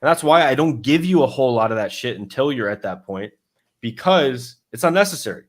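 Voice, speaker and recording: A man's voice: mid-range voice, animated, fairly quick. Casual man explaining a step-by-step system. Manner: loose and conversational, many fillers and restarts, acts out his own inner thoughts. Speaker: dating coach.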